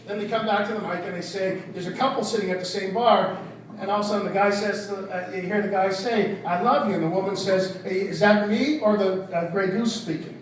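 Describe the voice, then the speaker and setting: An older comedian rambles through a self-deprecating stand-up set on a comedy club stage, sometimes trailing off mid-joke. His voice is high and steady, and he talks fast. The echoey recording is taken from far off, with the audience laughing.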